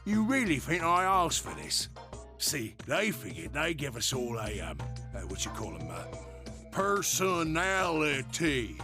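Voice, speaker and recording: A cheeky male robot laborer with a Cockney accent, talks in slangy, grumbling asides. His pitch leaps and dips all over. Game music plays clearly behind him. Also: wildly swooping pitch, measured pace, heavily acted. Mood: aggrieved. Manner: slangy, chatty, complaining. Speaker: video game character.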